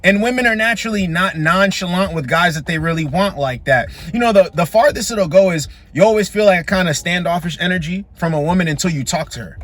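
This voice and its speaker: A man's voice: high-pitched, fast, few pauses, a bit bright. A young man hosting a dating commentary vlog, talking bluntly and preaching straight to the guys.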